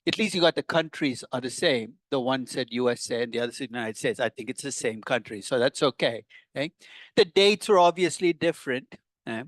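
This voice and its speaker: An older man teaches a class in a relaxed, conversational way, tossing wry asides at his students. His voice sits at an ordinary middle pitch. The sound is close and dry, with little room echo. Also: a little fast. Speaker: professor. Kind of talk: classroom lecture. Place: lecture hall with students.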